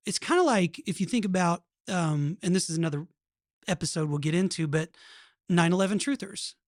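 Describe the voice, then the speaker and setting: A man's voice: high-pitched, a little fast, dry recording, clean studio sound. A man hosting a podcast in casual chat, earnest and rambling, often restarting his sentences. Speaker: podcast host.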